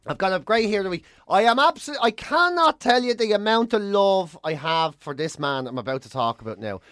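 A co-host telling a story in casual chat, animated and excitable, often swearing. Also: medium pitch, a little fast, no echo, clean studio sound.

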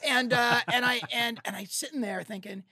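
A man in his sixties, a film director, telling lively anecdotes in casual chat and acting out the people he quotes. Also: very high-pitched, moderate pace. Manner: excitable, acts out the people he quotes. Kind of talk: animated anecdote storytelling.

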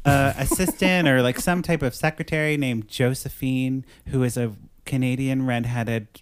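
A man's voice: mid-range voice, steady tone, moderate pace, slight background noise. A man hosting a podcast, recapping a film in a rambling, joking way and acting out its lines. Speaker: podcast host reviewing a film. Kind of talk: casual chat.

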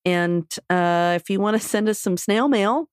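A woman's voice: medium pitch, a little slow, clear, resonant tone, no echo, clean studio sound. A woman co-hosting a podcast, giving a playful, giggly outro. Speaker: podcast co-host. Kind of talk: casual outro with a put-on accent.

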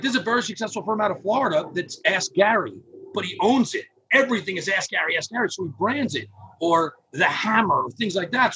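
Man, high voice, animated, acts out quotes, casual interview guest, faint background noise. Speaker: podcast guest, phone number business owner.

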